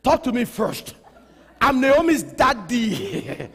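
A man's voice: very high-pitched, big pitch swings, slow, heavily acted. A man putting on a stern Nigerian dad. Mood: mock-stern. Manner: gruff, mock-stern, teasing. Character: protective middle-aged father grilling a suitor. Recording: long reverb of a large hall.

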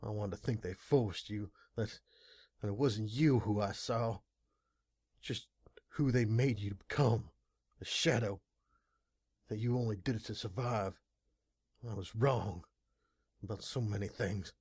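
A man's voice: mid-range voice, takes it slowly, husky, no echo, studio quality. A man voicing a young mare raider, furious and heartbroken, pleading in a strained, raised voice in an audiobook. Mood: anguished. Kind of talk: audiobook narration.

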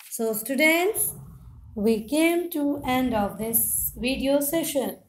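Slow sing-song woman teacher, Indian accent. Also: high-pitched, expressive. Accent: Indian English. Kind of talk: singing nursery rhymes for young pupils.

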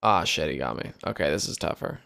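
Gravelly, jokey man streaming a game. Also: extremely low pitch, animated, a little fast. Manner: jokey, swears often, thinks out loud. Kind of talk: casual Let's Play commentary.

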